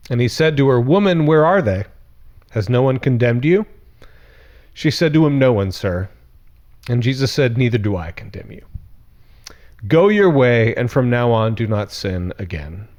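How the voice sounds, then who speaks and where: A man's voice: medium pitch, a little mellow. A man preaching as a pastor in a casual, conversational sermon. He reads scripture, adds frank, sarcastic asides and laughs often. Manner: frank and irreverent.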